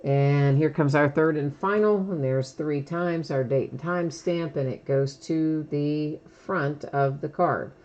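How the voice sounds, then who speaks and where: A woman's voice: sits low, slow, few pauses, a little mellow, dull audio. A woman hosting a live stream of trading card breaks, chatting casually and laughing often as she explains how things work.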